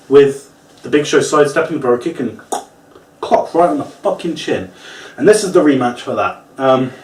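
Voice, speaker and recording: Animated man ranting in a roomy space. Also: medium pitch. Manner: animated, swears often, acts out moves and quotes. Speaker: wrestling reviewer. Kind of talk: casual ranting review. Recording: roomy, distant from the mic.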